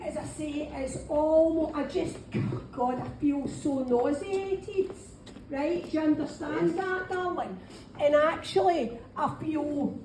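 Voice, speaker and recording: A Scottish woman with a high voice gives a live mediumship reading in a pub function room. She chats to the audience and keeps saying "right, okay". The room is very echoey with a faint hum of noise behind her. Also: lively intonation, unhurried, a little mellow. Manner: chatty, keeps saying "right, okay", calls people darling. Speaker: spiritual medium.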